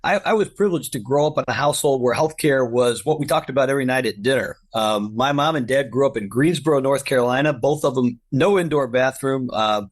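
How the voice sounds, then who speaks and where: Man, middle-aged, podcast guest, upbeat, storytelling, mid-pitched voice. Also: a little fast, hardly any pauses. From United States. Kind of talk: casual conversation.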